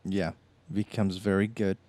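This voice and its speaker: A man with a very low voice trades casual stories on a podcast. He talks in a laid-back way and laughs easily. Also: flat delivery, a little slow, dark tone. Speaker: podcast co-host. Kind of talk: casual chat.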